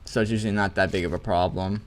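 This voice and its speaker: A man's voice: deep voice, steady tone, fast. Rambling guy commentating a game. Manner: rambling and self-correcting. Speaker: let's play host.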